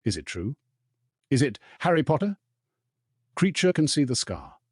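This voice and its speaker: A man voicing a bitter old male house elf who mutters resentfully in a hoarse, croaking voice. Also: on the high side, sing-song, normal speed, darkish tone, no echo, studio quality, voice pushed up. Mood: muttering. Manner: resentful grumbling under breath.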